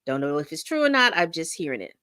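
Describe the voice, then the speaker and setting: A woman's voice: low-pitched, big pitch swings, fast talker, pushed and bright, clear, resonant tone, no echo, studio quality. A middle-aged woman hosting a casual livestream, rambling and reading chat comments aloud. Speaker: livestream host.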